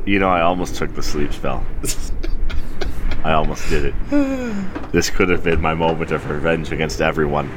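A man playing a tabletop game, describing his character with deadpan, dry humor. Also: rumbling low, normal speed, pauses often. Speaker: player. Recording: background noise.

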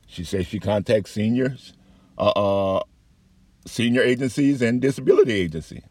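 A man's voice: mid-range voice, lively intonation, normal speed, no room sound. A man giving a heated, profane, rambling account of his complaints as a patient. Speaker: patient telling his story. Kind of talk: angry personal account.

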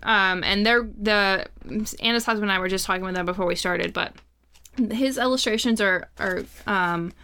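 Gravelly woman cohost chatting casually, summarizing a book, ums everywhere. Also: mid-range voice, normal speed, pushed and bright. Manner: summarizes a book with many fillers. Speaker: podcast co-host. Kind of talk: casual chat.

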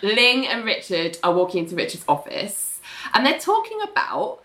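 A woman's voice: mid-range voice, wildly swooping pitch, normal speed, a bit bright. A young woman casually recapping a TV episode, acting out the characters' lines and swearing freely. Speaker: podcast co-host recapping a TV show.

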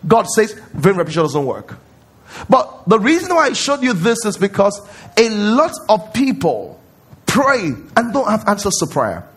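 Husky high-voiced male pastor preaching. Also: huge pitch swings, moderate pace. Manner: emphatic, repeats phrases, quizzes the congregation. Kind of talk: sermon. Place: church service.

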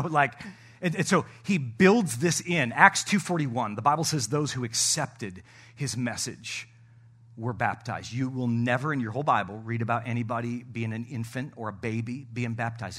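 A middle-aged male pastor preaching a sermon, joking with the congregation and swinging between loud shouting and soft asides. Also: medium pitch, normal speed, slightly rough.

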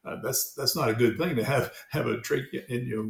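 A man in a casual interview, explaining things at a measured pace with hesitant fillers. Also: medium pitch, gravelly, fairly bright tone, reverberant.

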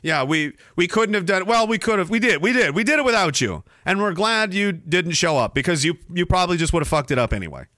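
A man's voice: high voice, expressive, fairly quick, few pauses, bright, forceful tone, no room sound, clean studio sound. A man hosting a podcast, reading out comments in a sarcastic, profane, rambling way. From Canada. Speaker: podcast host. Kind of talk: casual livestream chat reading comments.

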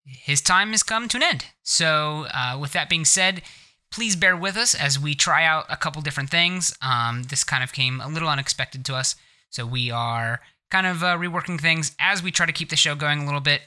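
A man's voice: a little high, moderate pace, bright, forceful tone, clear, resonant tone. A man co-hosting a podcast, talking casually with lots of fillers. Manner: rambling, filler-heavy, giggly. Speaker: podcast co-host. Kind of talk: casual chat.

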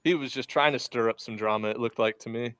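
A man's voice: mid-range voice, quick pace, fairly bright tone, clear, resonant tone, dry recording. A man co-hosting a casual sports podcast, easygoing and jokey, asking his partners questions. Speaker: podcast co-host.

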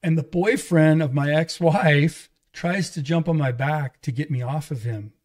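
Man, guest pastor, animated storyteller, slightly high voice, casual testimony. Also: a little slow. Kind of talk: conversational testimony.

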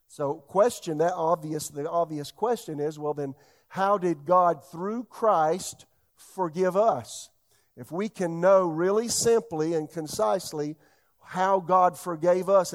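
Preaching pastor with a higher voice. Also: male voice. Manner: preaching with sudden loud bursts and soft asides. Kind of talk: sermon.

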